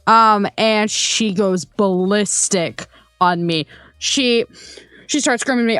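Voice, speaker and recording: Young woman for a casual storytime, chatty with ums and laughs, bright-ish high voice, dry close sound. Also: expressive, moderate pace, dry recording. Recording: dry close sound, faint music behind.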